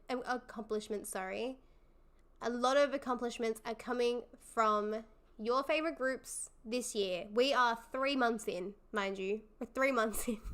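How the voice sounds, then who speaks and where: A woman's voice: on the high side, fairly bright tone. A young woman hosting a livestream, chatting casually with viewers in an effusive, encouraging way and laughing often. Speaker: livestream host. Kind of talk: casual live chat with viewers.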